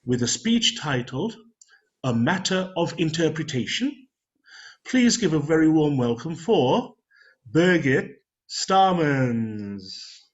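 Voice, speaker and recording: A man hosting an online club meeting, giving formal, measured speaker introductions. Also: a little high, sing-song. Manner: measured, ceremonial, reads introductions. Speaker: meeting host. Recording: dull lo-fi video call audio.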